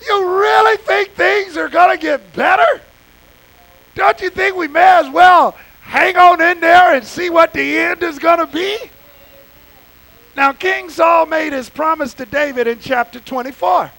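A man preaches with fervor, talking straight to his congregation in a folksy, plainspoken way. His voice sits unusually high for a man. It also carries a gravelly edge. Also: measured pace, sharp tone, low-quality recording. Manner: impassioned, conversational preaching with folksy asides. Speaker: pastor. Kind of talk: sermon.

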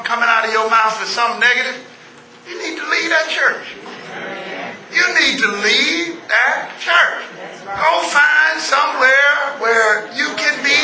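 A pastor preaching a sermon to his congregation. He shouts for emphasis, then stretches phrases out slowly. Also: very high voice. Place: church before a congregation. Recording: echoey church with congregation.

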